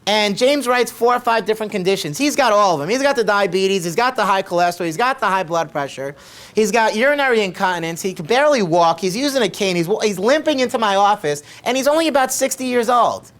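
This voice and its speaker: A man's voice: high voice, expressive, fast talker, fairly bright tone. A middle-aged man, a chiropractor, telling a patient story to camera in a conversational way and repeating his questions for emphasis. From United States.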